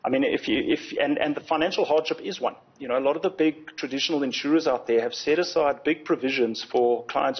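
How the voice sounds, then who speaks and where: A man, an insurance executive explaining things in a TV news interview, measured and often repeating words as he thinks. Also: mid-range voice, husky, muffled recording. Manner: measured, explanatory, frequent word repetitions. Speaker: insurance company executive, guest.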